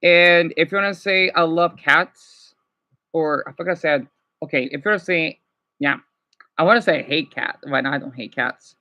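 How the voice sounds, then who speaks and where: A man's voice: on the high side, normal speed, highs cut off. A man chatting casually with his live chat, rambling and hesitant with many restarts. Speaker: livestreamer answering chat.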